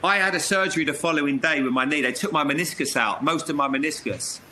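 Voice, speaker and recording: A man, a former footballer, telling lively anecdotes as an interview guest, laughing and acting out quotes. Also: on the high side, fast talker, slight background noise, rough recording. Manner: lively, laughs mid-story, acts out quotes.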